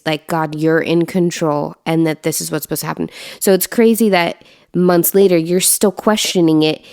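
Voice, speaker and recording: A woman's voice: fairly low pitch, a little mellow, clean tone. A woman in her thirties co-hosting a casual chat, reflective and conversational. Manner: conversational, reflective, quick affirmations. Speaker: podcast co-host.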